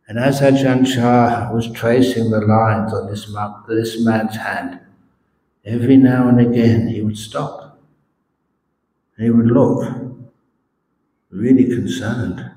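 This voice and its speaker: Man, buddhist monk, dharma talk storytelling, playful, slow, mellow voice, echoey hall. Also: on the low side, a little hiss or hum. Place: meditation centre hall.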